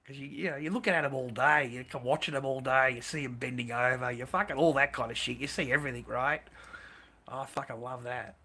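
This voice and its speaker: A man delivers a crude, profanity-laced ramble as a stream host. His voice is bright and forceful, with a mid-range pitch. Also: steady tone, brisk.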